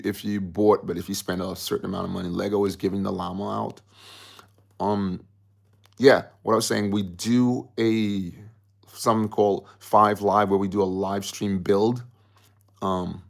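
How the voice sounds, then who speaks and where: A man's voice: on the low side, gravelly. A man hosting a casual livestream, rambling and chatty as he reads out viewer comments. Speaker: livestream host.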